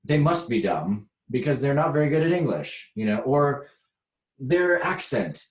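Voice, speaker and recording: A man's voice: on the high side, expressive, measured pace, echoey room. An American man leading a spiritual workshop talk, reflective and chuckling often as he teaches.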